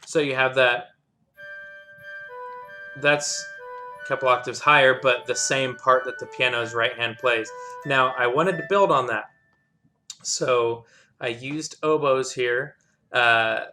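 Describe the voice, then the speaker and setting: A man at an ordinary pitch talks through his orchestral arrangement in a loose, easygoing way. He breaks into sung syllables to show each part. Orchestral music plays clearly behind him. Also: slow, pauses often. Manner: hums and scats parts aloud, relaxed and self-deprecating. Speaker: composer teaching orchestration. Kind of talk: casual walkthrough lesson. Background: orchestral playback music.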